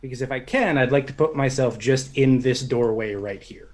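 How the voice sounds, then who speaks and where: A man's voice: medium pitch, moderate pace, a little mellow, poor audio. A man playing a tabletop game, hesitant and thinking aloud as he asks about rules. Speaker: player.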